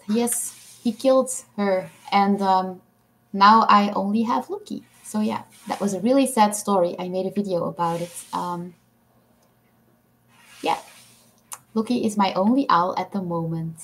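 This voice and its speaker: A woman hosting a casual livestream, reading viewers' comments aloud and answering them with frequent ums and little laughs. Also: medium pitch. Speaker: livestream host.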